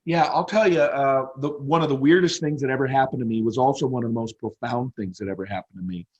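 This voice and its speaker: Animated storytelling man in his fifties. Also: mid-range voice, fast talker, muffled recording. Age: 50s. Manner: animated, emphatic storyteller who repeats phrases for effect. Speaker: interview guest, motivational speaker. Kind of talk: storytelling in a conversational interview.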